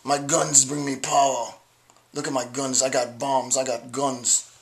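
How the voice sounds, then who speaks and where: A man voicing a boastful male thug who brags about his guns and shouts gunfire noises. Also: medium pitch, flat delivery, measured pace, gravelly. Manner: swaggering, shouted gunfire sounds.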